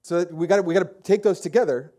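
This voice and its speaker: Speaking fast in a high voice with a dark tone, this pastor tells his sermon's story casually, stumbling through fillers and restarts like a conversation.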